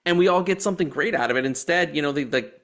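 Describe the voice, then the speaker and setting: A young man co-hosts a casual movie review chat, venting with exasperated, profane energy. His voice sits slightly high for a man, and he swings between quick bursts and sarcastic asides. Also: a bit bright. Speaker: co-host.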